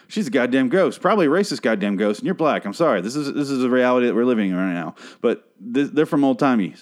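A man's voice: mid-range voice, lively intonation, quick pace. A man casually recapping a TV episode, rambling and sarcastic, swearing often. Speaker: show recap host.

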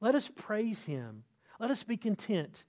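A middle-aged man preaching a sermon as a pastor, earnest, slowing down and lifting his voice on key words. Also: high-pitched, sing-song, a little mellow. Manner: earnest preaching, slows and lifts voice for emphasis.

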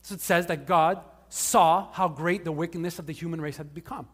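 A man's voice: fairly high pitch, fairly even intonation, fairly quick, a bit bright, big-room sound. A male pastor preaching a casual, conversational sermon to a live congregation, with joking asides. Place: church service before a live congregation.

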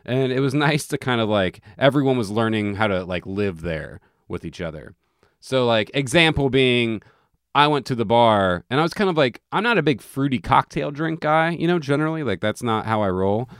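A man's voice: medium pitch, lively intonation, moderate pace, clear, resonant tone, no room sound. A man tells a loose, profane travel story, backing up and restarting his sentences as he goes. His voice sits in the middle range. The sound is dry and close, with no room in it. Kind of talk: casual chat.

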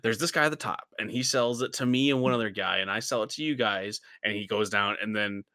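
A man's voice: on the low side, a little fast, pushed and bright, dry recording, clean studio sound. A young man hosting a casual podcast chat, rambling with many fillers and frequent laughs. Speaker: podcast host.

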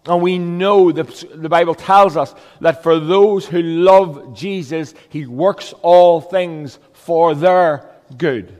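Preacher with a fairly high voice. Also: male voice, slow, few pauses, a little mellow, big-room sound. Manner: earnest, emphatic preaching with rhetorical questions. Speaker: pastor. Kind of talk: sermon.

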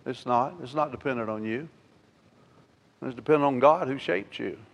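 A male pastor preaching a sermon. He swings between loud, emphatic declarations and quiet, intimate asides, and asks the congregation rhetorical questions. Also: mid-range voice, moderate pace, vocal fry. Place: church sanctuary. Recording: long hall reverb.

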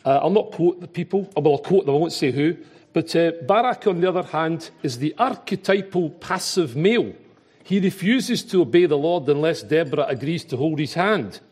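Husky Glaswegian man preaching. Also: a little high, moderate pace. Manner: animated, chatty, self-interrupting. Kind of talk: sermon.

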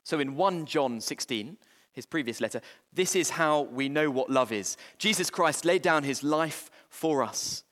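A man preaching a sermon, earnest and halting, with frequent restarts and fillers. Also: a little high, expressive, a bit bright. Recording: long hall reverb.

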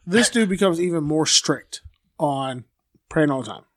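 A man with a high voice tells a story loosely and crudely, with plenty of fillers and playful quoted voices. The sound is close and dry, with no room echo. It is a casual podcast chat. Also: animated, measured pace. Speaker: podcast co-host telling a true-crime story.

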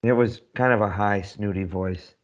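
A man co-hosting a casual chat, relaxed and unhurried as he fills in details. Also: on the low side. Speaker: podcast co-host. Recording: dull lo-fi audio.

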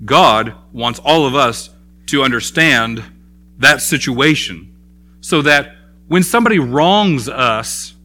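Animated, forceful male preacher. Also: mid-range voice, takes it slowly. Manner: animated storytelling, acting out a parable. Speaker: pastor. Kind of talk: sermon.

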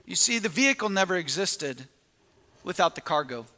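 A man's voice: high voice, sing-song, normal speed, pushed and bright, long reverb tail. A man preaching a sermon, telling a story with quoted asides and frequent restarts.

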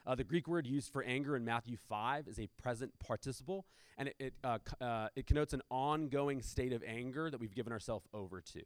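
A man's voice: mid-range voice, a little fast, few pauses, clear, resonant tone, no echo. A man preaching a sermon as pastor, in a conversational manner with rhetorical questions and asides.

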